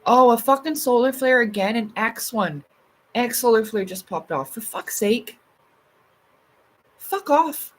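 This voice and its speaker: A woman's voice: fairly high pitch, normal speed, rough recording. A woman hosting a casual livestream, chatting loosely with her viewers, full of fillers and swearing freely. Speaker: livestream host. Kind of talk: casual live chat reading comments.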